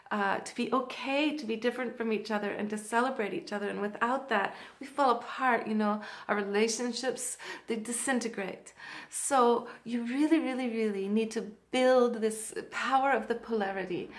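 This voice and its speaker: A woman coaching men on dating in a casual advice vlog, earnest and halting, with many fillers and restarts and laughs between points. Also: a little high, a bit bright. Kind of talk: direct-to-camera advice vlog.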